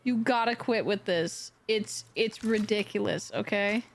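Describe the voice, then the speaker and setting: A woman's voice: mid-range voice, unhurried, creaky. A woman streaming, chatting casually, often laughing and talking fondly to her dog. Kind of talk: casual live-stream chat.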